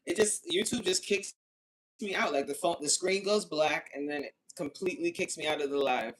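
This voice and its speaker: A woman with a low voice, speaking at normal speed, hosts a casual livestream from her phone. Chatty, she reads viewer comments aloud and grumbles whenever the stream cuts out or glitches.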